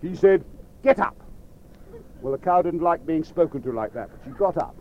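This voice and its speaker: A playful male storyteller telling a children's tale to a live audience, chatting directly with his listeners. His voice is fairly high, and the recording sounds dull and lo-fi. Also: expressive, fast, a little mellow.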